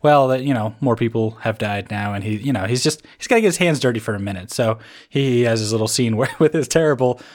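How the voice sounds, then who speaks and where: A man's voice: mid-range voice, fast talker. Man chatting in a podcast. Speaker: podcast co-host. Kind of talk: casual movie discussion.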